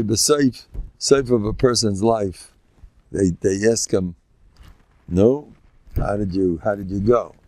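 A man's voice: mid-range voice, creaky, darkish tone. An older man, a rabbi giving an informal Torah talk, folksy and joking, sprinkling Yiddish and Hebrew words and jumping between teaching and banter.

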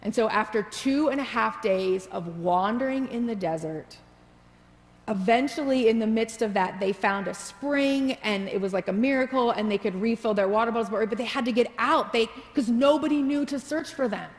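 A woman's voice: fairly high pitch, normal speed. A woman pastor telling a story in her sermon and leading into prayer, heard in a reverberant church sanctuary. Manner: storytelling preacher, builds to prayer.

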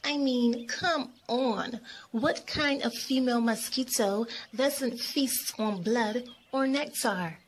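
A woman's voice: medium pitch, takes it slowly, few pauses, slight background noise. A woman doing a bossy, snippy girl mosquito. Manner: snippy, shouting with attitude. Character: bossy mean young female mosquito.

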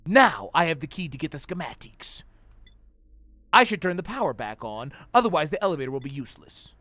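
Bright, lively young man gaming. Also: a little high, brisk, no room sound. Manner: loud, profane, jumpy, screams at scares. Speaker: gaming streamer. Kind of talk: let's play commentary.

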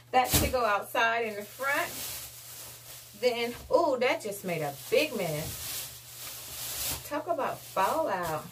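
A woman's voice: fairly high pitch, lively intonation, slow pace, pauses often, slight background noise. A woman, chatting casually to viewers in a laid-back home haul vlog. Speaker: vlogger.

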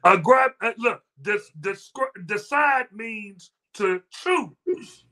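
A man co-hosting a sermon talk, urging it on with energetic call-and-response and whoops. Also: sits high, very slow. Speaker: co-host.

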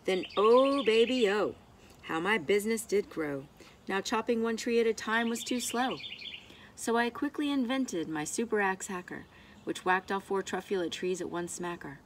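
A woman reading a rhyming picture book aloud in an expressive, rhythmic way. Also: medium pitch, normal speed, a little hiss or hum. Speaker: storybook reader.

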